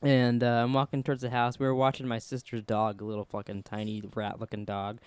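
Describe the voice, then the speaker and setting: A man's voice: mid-range voice, completely flat delivery, a little fast, clear, resonant tone, no room sound. A young man co-hosting a podcast, rambling through stories in casual chat, acting out quotes and swearing often. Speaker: podcast co-host.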